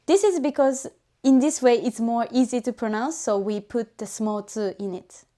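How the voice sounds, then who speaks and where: A woman's voice: fairly high pitch, normal speed, mellow. A woman language teacher explaining patiently and methodically, breaking down spoken examples step by step.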